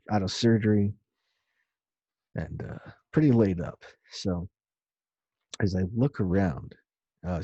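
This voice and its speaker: A man's voice: sits low, warm tone, slightly rough, no room sound. A man casually recounting a story of his own in a loose, rambling way, with some swearing. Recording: dull lo-fi dry recording.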